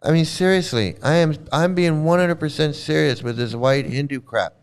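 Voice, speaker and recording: A man's voice: a little high, moderate pace, clean tone. A man hosting casual commentary as he reacts to videos, blunt and sarcastic, swearing and often restarting his phrases.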